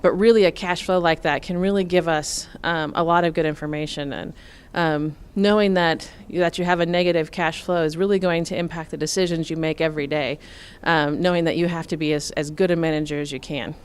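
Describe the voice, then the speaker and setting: A middle-aged woman with a low, deep-set voice talks through farm finances as a radio interview guest. Her tone is smooth and resonant, and she speaks steadily, pausing on fillers as she explains each point. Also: steady tone. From Nebraska, USA. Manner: measured, explanatory, many fillers.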